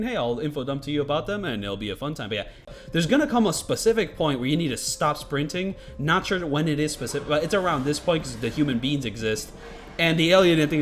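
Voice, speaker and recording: A man giving casual, rambling gameplay commentary, swearing freely and filling his talk with "like" and "you know". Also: fairly high pitch. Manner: rambling, profane, lots of fillers. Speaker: gaming commentator.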